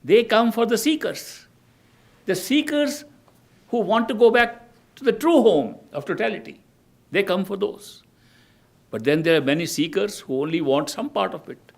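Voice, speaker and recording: An older man giving a spiritual discourse as a teacher, telling stories in a measured way and often restarting his phrases. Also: high-pitched, gravelly.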